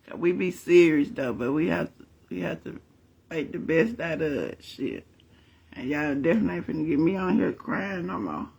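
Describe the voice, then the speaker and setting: A middle-aged man, telling his viewers a family story in a chatty, animated way and calling on the Lord. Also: fairly high pitch, normal speed, vocal fry, breathy edge. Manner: animated, chatty, laughs often, calls on the Lord. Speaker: vlogger.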